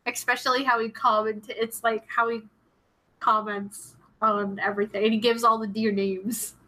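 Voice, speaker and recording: A woman's voice: a little high, flat delivery, normal speed, bright, forceful tone, low-quality recording. A woman co-hosting a talk show in casual chat, drawing out her words with gasps and giggles. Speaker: podcast co-host.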